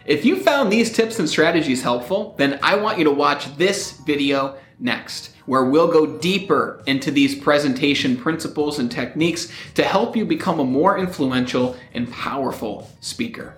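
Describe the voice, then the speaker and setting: A man teaching public speaking with lively, upbeat energy. His raised voice leaps and swoops across a wide range. He is recorded in an echoey room. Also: a little high, moderate pace, few pauses, soft background music. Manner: energetic, rising upbeat intonation. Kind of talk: upbeat motivational teaching to camera.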